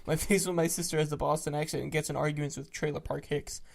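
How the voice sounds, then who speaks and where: Brief: deadpan storyteller, mid-pitched voice, reads dark internet stories with a straight face and plenty of swearing. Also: fast talker, creaky. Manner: deadpan, matter-of-fact, casual swearing. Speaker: narrator of internet greentext stories. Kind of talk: reading internet stories aloud.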